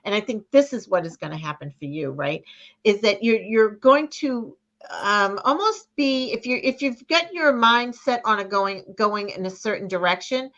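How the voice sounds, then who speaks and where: A woman with a Boston accent reads cards over a video call, and the sound is a little dull. She speaks haltingly and restarts often as she searches for words. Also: medium pitch, fairly bright tone. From New England, near Boston. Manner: halting, restarts often, talks of spirit and intuition. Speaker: card reader and co-host. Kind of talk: live card reading chat.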